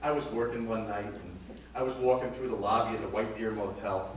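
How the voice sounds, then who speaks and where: On a small theater stage, a man with a fairly low, steady, natural voice speaks briskly and slyly as a bawdy aging woman with racy stories, ribbing the crowd between punchlines of a live vaudeville monologue. Recorded from far off by a house camera, the hall sounds echoey and noisy, with laughter from the audience.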